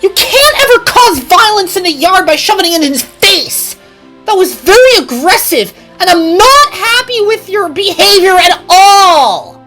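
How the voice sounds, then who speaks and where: A woman voicing a stern, bossy female toy engine in a told story, talking fast and strictly. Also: very high-pitched, very animated, fairly bright tone, faint music behind, pitched above the performer's own voice, heavily acted. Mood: scolding.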